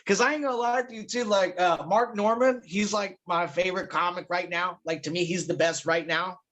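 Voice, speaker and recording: A man with a notably high-pitched voice talks in a loose, casual podcast chat. His stories run on with frequent fillers and plenty of profanity. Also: fairly even intonation, a little fast, a bit bright. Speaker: guest comedian.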